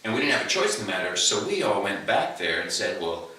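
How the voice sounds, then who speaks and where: A low-voiced man with a bright, forceful edge tells a story in casual chat, playing both sides of the dialogue. He sounds set back from the mic in a very echoey room. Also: fast, recorded from a distance. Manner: animated anecdote teller, acts out both sides of a dialogue. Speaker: stand-up comedian.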